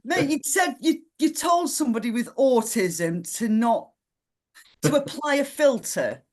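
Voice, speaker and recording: A woman hosting an open mic poetry night, chatting casually and warmly, calling people mate and laughing often. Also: high-pitched, lively intonation, measured pace. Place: live poetry night venue.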